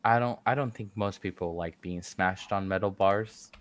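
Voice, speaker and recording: A man's voice: low voice, normal speed, a little hiss or hum. A man playing a tabletop game, speaking hesitantly in casual chat and often laughing. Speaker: player.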